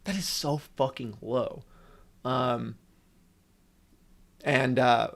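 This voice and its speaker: A man's voice: mid-range voice, drawn-out words, vocal fry. A man hosting a casual livestream, ranting with sarcasm and frequent swearing. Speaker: livestream host.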